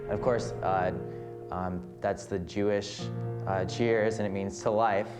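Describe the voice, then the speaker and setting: A young man, a film student, casually telling a story with many fillers and pauses. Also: fairly low pitch, fairly even intonation. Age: young adult. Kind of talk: casual anecdote. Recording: guitar music behind.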